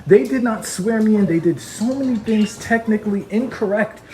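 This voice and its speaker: A man arguing heatedly on a call, ranting and mocking others in quick impressions. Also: high-pitched, a little mellow. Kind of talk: heated phone argument.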